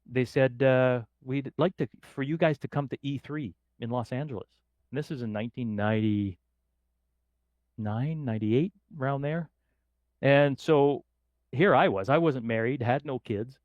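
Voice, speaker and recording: Middle-aged guy from up north in canada telling a story on a podcast, animated, does little voices for people, mid pitch, dry sound. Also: normal speed, no echo, muffled recording. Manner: lively, acts out quoted voices in his anecdotes. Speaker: podcast guest. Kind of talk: casual storytelling.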